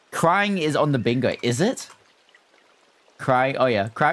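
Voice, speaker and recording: A young man with an Australian accent reading a scary story live, breaking off to react excitably to chat and stumbling over words. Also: medium pitch, normal speed. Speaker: streamer.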